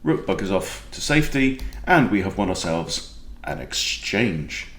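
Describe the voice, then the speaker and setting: A Welsh man with a lowish voice talks through a chess game in a chatty, jokey way, his pitch swinging up and down as he thinks aloud. The room around him adds a noticeable echo. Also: very animated, measured pace, fairly bright tone. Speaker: chess coach. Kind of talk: casual game commentary.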